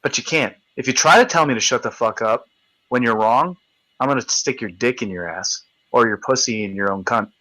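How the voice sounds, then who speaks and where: A man's voice: mid-range voice, a little fast, bright, forceful tone, no room sound, poor audio. Profane, taunting male stream host. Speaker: livestream host. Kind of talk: ranting live video chat.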